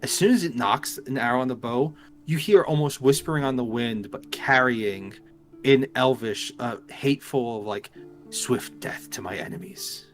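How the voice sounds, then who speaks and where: A man runs a live tabletop game as game master. His narration is loose and full of fillers, with soft music playing underneath. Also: medium pitch, normal speed.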